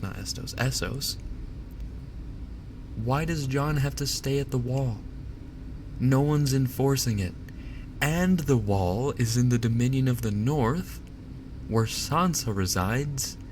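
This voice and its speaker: A man's voice: mid-range voice, slow pace, background noise. A man streaming live, ranting casually and with exasperation, swearing and laughing as he goes. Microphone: binaural dummy-head mic.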